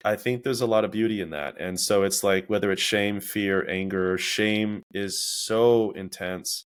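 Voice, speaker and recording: His voice is lowish and clean, and he takes his time. As host of an easygoing podcast, he reflects on stories and animates them by acting out the voices inside his head.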